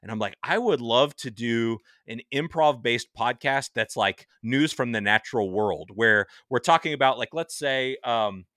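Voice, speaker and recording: A man's voice: medium pitch, moderate pace, hardly any pauses, sharp tone, dry recording, studio quality. A man guesting on a podcast, chatting enthusiastically and rambling with restarts. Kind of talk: casual interview chat.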